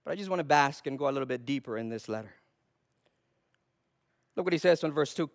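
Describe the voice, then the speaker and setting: A man's voice: mid-range voice, lively intonation, fast talker, gravelly, long pauses. A man preaching a sermon as a pastor, impassioned and often repeating words as he builds up, from Canada.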